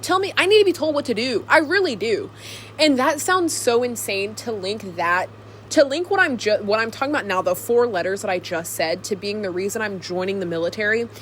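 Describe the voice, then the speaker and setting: A woman's voice: medium pitch, expressive, a little fast, fairly bright tone, a little hiss or hum. A young woman vlogging to her camcorder alone, chatting casually in a rambling, giggly way. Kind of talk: casual chat to camera. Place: alone in a room.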